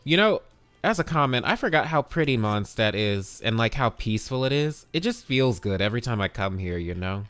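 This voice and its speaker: A man's voice: medium pitch, big pitch swings, a little fast, a bit bright, clean tone, no echo, soft background music. A man streaming a video game live, chatting casually and upbeat, greeting viewers by name and swearing now and then.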